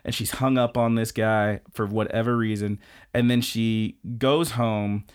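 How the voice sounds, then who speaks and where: A young man co-hosting a podcast, recapping an anime in an animated, rambling and profane way. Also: lowish voice, measured pace, clear, resonant tone. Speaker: podcast co-host. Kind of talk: casual anime recap chat.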